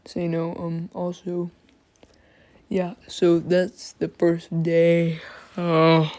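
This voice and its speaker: A woman's voice: fairly low pitch, monotone, drawn-out words, darkish tone. A sleepy woman telling a fan story in a casual, slangy, drawling way with many fillers.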